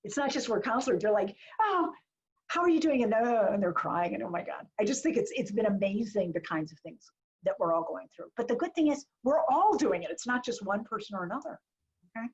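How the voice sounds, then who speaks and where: A woman who does marketing advice for small businesses speaks fast with lively intonation, her medium-pitched voice a little mellow. Her video-call webinar is chatty, blunt, and full of jokes and asides, captured in dull lo-fi audio.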